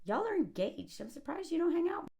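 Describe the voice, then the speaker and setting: A woman's voice: very high voice, big pitch swings, a little fast, gravelly, darkish tone. A woman reviewing a movie in casual spoken commentary, sarcastic and mocking, chatty with lots of likes and ums.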